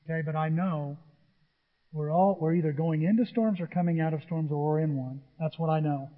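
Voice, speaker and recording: A man preaching a sermon as pastor, swinging between loud declarations and quiet asides. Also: fairly high pitch, fairly even intonation, a little fast. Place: church sanctuary. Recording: dull echoey sanctuary sound.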